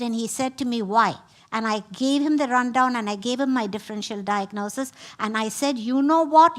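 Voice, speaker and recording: A woman's voice: on the high side, a bit bright. A middle-aged woman giving a talk, retelling a story emphatically with quoted dialogue. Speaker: speaker at a spiritual center.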